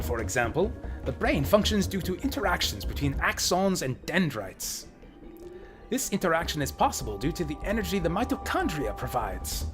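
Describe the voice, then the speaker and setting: A man's voice: on the high side, pitched above the performer's own voice. A man voicing an eccentric middle-aged male scientist in a game, lecturing theatrically.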